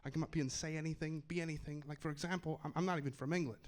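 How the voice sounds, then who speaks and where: Wry young stand-up comic, a bit high. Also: male voice, fairly even intonation, very noisy. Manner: wry, rapid and self-deprecating. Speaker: stand-up comedian. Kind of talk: stand-up comedy set. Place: comedy club stage in New York.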